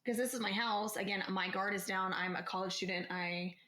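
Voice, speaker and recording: A woman's voice: mid-range voice, a little fast. Emphatic woman co-host in echoey room. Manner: emphatic, opinionated, animated. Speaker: podcast co-host. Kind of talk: casual true-crime chat. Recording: roomy echo.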